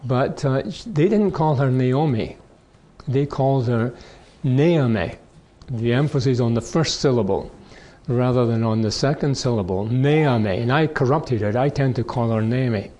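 A middle-aged male pastor reading scripture aloud in a sermon, slow and measured in the readings and chatty in the asides. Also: medium pitch, warm tone. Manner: reads scripture slowly, chats between passages.

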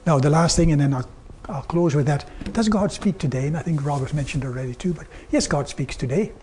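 An older man preaching a sermon, telling personal stories earnestly and quoting others in a softer, lower tone. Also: fairly quick, slight background noise. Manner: earnest storytelling, quoting God and people in softer lower tones.

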